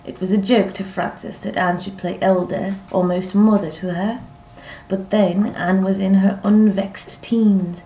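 A woman narrating a literary story in a measured, vivid descriptive reading. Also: mid-range voice, steady tone, mellow. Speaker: audiobook narrator. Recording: roomy echo, faint ambience.

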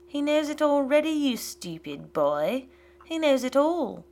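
A woman voicing a bitter, domineering old father who mocks and rants in loud outbursts. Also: high-pitched, sing-song, unhurried, pitched above the performer's own voice, full character voice. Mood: mocking. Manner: mocking and ranting, loud outbursts.

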